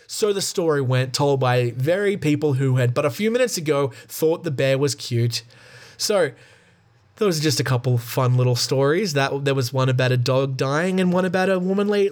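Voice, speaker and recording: A man casually reading stories from a book aloud, breaking off for jokey, profane asides. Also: a little high.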